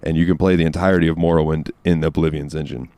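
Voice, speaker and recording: Deep-voiced man in casual podcast chat. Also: fast talker, clear, resonant tone. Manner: relaxed, rambling with fillers and swearing. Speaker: podcast host.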